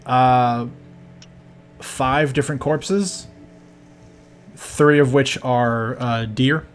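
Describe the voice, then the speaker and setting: A man as game master narrating a tabletop role-play game in a measured, hesitant way with many fillers. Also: medium pitch.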